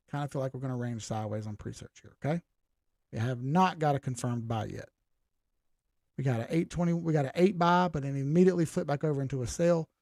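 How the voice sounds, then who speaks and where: A man's voice: on the high side, dark tone, dry recording, studio quality. A man hosting a live stream, going over charts in casual talk, blunt and combative as he answers his viewers directly. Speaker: crypto live-stream host.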